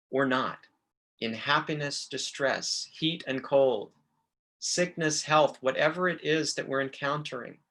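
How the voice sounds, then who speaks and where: Guy giving a temple class, bright forceful voice, heartfelt and earnest. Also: mid-range voice. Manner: earnest, emotional, quotes scripture and teachers with feeling. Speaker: temple lecturer. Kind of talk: devotional class lecture.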